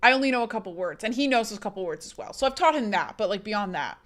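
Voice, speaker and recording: A woman's voice: mid-range voice, expressive, fast talker, fairly bright tone. A young woman streamer chatting casually with her live chat, reading comments aloud and rambling with many restarts.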